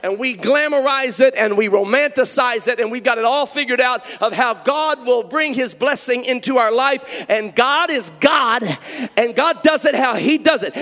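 High-voiced man preaching, long church reverb. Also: normal speed, some chatter behind, slight background noise. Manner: storytelling, exclaims hallelujah, builds to shouting. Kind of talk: sermon.

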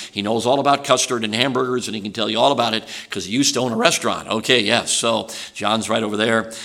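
Bright-voiced Chicago preacher, folksy and chatty. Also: male voice, medium pitch. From Chicago, USA. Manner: folksy, chatty, many "uh"s and "okay"s. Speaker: traveling preacher. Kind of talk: sermon introduction to a congregation.

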